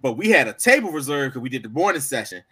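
A young adult man and podcast co-host telling a story in casual chat, animated and laughing. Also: mid-range voice, fast talker, slightly rough.

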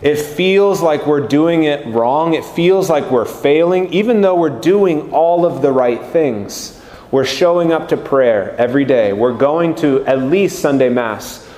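A male priest giving a slow, gentle, earnest homily. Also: a little high. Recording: echoey room with long reverb.

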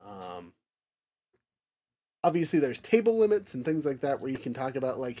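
A man hosting a casual discussion podcast, rambling with lots of fillers and restarts, nerdy and quick to chuckle at his own tangents. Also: mid-range voice, big pitch swings, mellow. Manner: rambling, filler-heavy, self-correcting. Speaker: podcast host.

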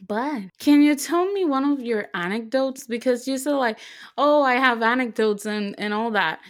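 Young woman on a podcast, bit high pitched, gushing and rambling, lots of um and like. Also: normal speed. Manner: excitable storyteller, lots of fillers and restarts. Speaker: podcast co-host. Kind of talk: casual chat.

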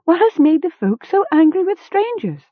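A woman's voice: very high-pitched, big pitch swings, normal speed, no echo, voice pushed up. Woman doing a small nervous young traveller. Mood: hasty. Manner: hasty, eager. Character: small young male wayfarer, plucky but nervous. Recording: tinny phone-like sound.

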